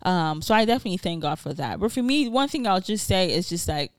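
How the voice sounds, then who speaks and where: A woman's voice: lowish voice, quick pace, clean tone, no room sound. Young woman, podcast co-host, candid casual chat with swearing, dry close sound. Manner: candid and animated, swears freely.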